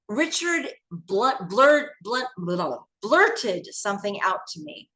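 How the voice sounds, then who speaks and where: Woman, from the US, interview guest, animated, emphatic, fairly high pitch. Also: a little slow, low-quality recording. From United States. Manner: animated, emphatic storyteller with frequent restarts. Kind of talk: recounting past events.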